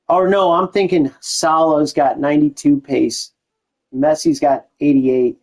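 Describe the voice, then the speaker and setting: A man's voice: on the high side, fairly even intonation, a little slow, darkish tone, poor audio. Chatty young man streaming a game. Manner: chatty, loose, with restarts and slang like "dude". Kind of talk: casual gameplay commentary to live chat.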